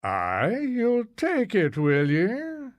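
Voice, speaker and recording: A man's voice: high-pitched, huge pitch swings, extremely slow, no room sound, voice pushed up, heavily acted. A man voicing a nosy older Scottish landlady who asks prying, sing-song questions in a Scottish accent.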